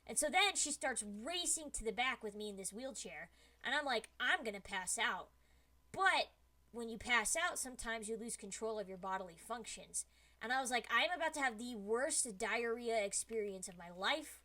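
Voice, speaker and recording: A young woman streamer casually telling a dramatic personal story, full of slang and lively asides. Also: on the high side, normal speed. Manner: animated, dramatic slang-filled retelling.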